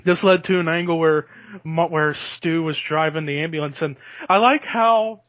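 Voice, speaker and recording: A man hosts a podcast in casual chat, chatty and quick to laugh. His voice sits a little high for a man and the sound is dry and close. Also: fairly bright tone, no echo. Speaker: podcast host.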